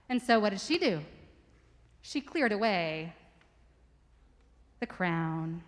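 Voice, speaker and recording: A woman's voice: a little high, in a large hall. Woman telling a story in a church. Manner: lively, asks the listeners questions. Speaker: worship leader telling a children's story. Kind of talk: story for all ages told aloud to a congregation. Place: church sanctuary.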